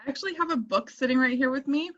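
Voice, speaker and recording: Thoughtful woman, bright voice, dull audio. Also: high voice, very fast. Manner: thoughtful, hesitant, many "um" and "like". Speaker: guest, English teacher. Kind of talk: casual podcast chat.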